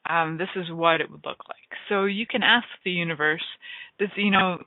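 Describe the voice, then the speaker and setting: A woman's voice: lowish voice, normal speed, no echo. A woman hosting a radio talk show, chatting in a rambling, enthusiastic way that often trails off and restarts. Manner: rambling, enthusiastic, self-interrupting. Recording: tinny phone-like line, dry.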